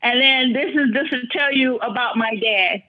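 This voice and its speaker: A woman's voice: high voice, normal speed. An older woman, a guest in an interview, reflecting earnestly and with feeling as she tells personal stories. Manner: thoughtful, earnest, speaks with feeling. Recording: dull lo-fi recording.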